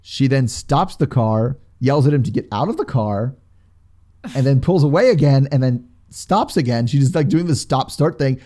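A man's voice: mid-range voice, animated, normal speed, dark tone. A man co-hosting a casual podcast, rambling through a recap of a reality show episode. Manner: rambling, retells scenes with quoted voices. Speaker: podcast co-host.

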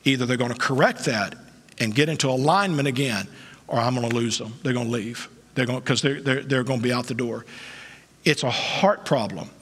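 A male pastor preaching a sermon, with emphatic delivery that swings between quiet asides and loud peaks, recorded in a church. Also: medium pitch, a little fast, husky. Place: church sanctuary. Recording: long church hall reverb.

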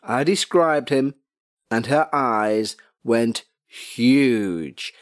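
A man's voice: medium pitch, drawn-out words, no echo. Guy on his couch hosting a podcast, rambly and jokey, dry close sound. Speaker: podcast host. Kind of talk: casual chat and story reading. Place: home couch.

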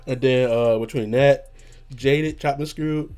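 A man's voice: medium pitch, fairly even intonation, measured pace, a little mellow, smooth. Rambling slangy man on a podcast. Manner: rambling, slangy, swears a lot, trails off searching for words. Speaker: podcast host. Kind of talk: casual podcast chat.

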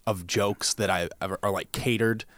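Low-voiced man in casual chat. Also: fairly even intonation, normal speed, fairly bright tone, no room sound, studio quality. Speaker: works around kids.

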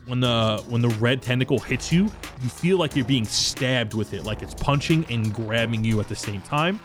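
A man running a tabletop role-playing game as game master, describing the scene in a casual, descriptive way and slowing down for effect. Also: medium pitch, lively intonation, faint music behind.

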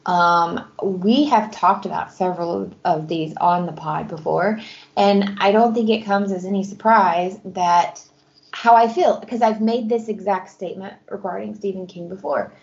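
A woman's voice: mid-range voice, moderate pace, creaky, darkish tone. Opinionated woman podcaster, dull sound. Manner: blunt, opinionated. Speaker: podcast co-host. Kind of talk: casual book chat.

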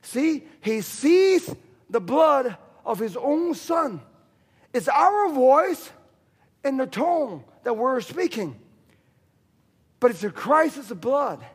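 A man's voice: very high voice, sing-song, slow pace, husky. A man preaching a sermon in a church, emphatic and repetitive in his delivery. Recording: long hall reverb.

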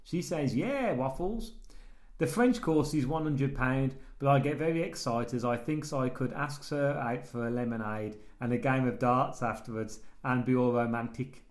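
A man's voice: mid-range voice, close to an everyday voice. A man reading out a letter in the voice of a simple-minded, bumbling male writer who uses broken grammar. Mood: deadpan. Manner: slow, halting, broken grammar.

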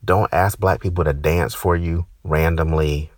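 A man in his thirties doing stand-up, ranting with profanity and sudden high-pitched outbursts. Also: fairly even intonation, a little slow, no room sound, clean studio sound. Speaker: stand-up comedian. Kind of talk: stand-up comedy set.

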